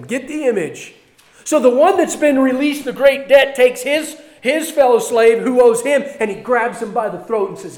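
High-voiced man preaching a sermon. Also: normal speed. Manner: conversational, swings between loud emphasis and quiet asides. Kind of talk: sermon, reading scripture and commenting.

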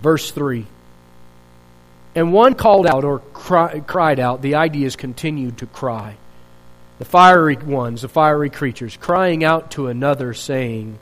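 A man's voice: a little high, animated, measured pace, a bit bright, low-quality recording. A male pastor preaching a sermon in an earnest, searching way, asking rhetorical questions and restarting his phrases.

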